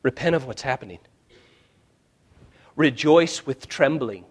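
Dramatic male preacher, hushed to shouting. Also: medium pitch, animated, a little slow, pauses often. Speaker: pastor. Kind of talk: sermon.

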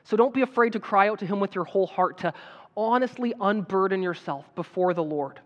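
A man's voice: high voice, fairly quick. A man preaching a sermon in an earnest manner that builds to emphatic appeals. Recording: dull sound with long hall reverb.

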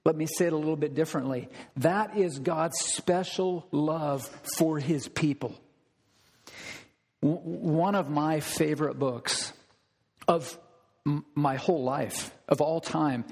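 A man's voice: on the high side, darkish tone, big-room sound. A male pastor preaching a sermon emphatically, repeating key phrases and putting questions to the congregation.

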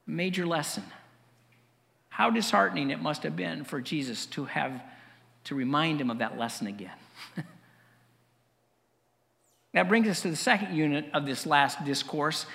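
A man's voice: a little high, creaky, fairly bright tone, in a large hall. A man preaching a sermon as pastor, conversational and wry, with asides and chuckles.

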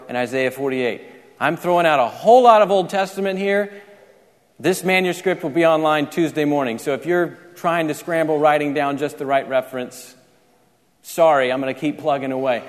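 A man preaching a sermon, explaining scripture step by step and often restarting his sentences. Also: on the high side. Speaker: pastor. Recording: reverberant large hall.

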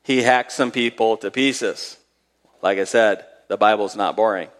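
A man's voice: on the low side, unhurried, long reverb tail. A man preaching a sermon, reading scripture aloud and retelling Bible stories in a conversational way with dramatic emphasis.

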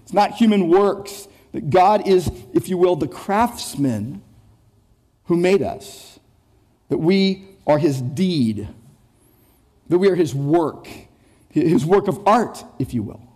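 An animated male pastor works slowly through an expository sermon, his voice notably high with a soft, mellow quality. He leans on repetition for emphasis, restarts words mid-thought, and questions his listeners directly.

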